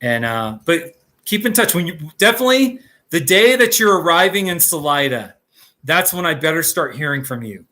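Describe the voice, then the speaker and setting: A man's voice: a little high, very animated, moderate pace, bright, forceful tone. A man hosting a live stream in casual chat, rambling and jokey, laughing often and restarting his sentences.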